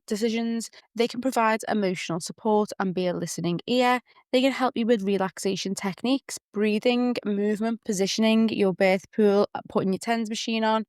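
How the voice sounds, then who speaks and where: A young woman with a Liverpool accent hosting a podcast in a candid, chatty way, often quoting people in lively voices. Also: medium pitch, smooth, dry recording, clean studio sound. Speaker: podcast host, doula. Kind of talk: casual chat.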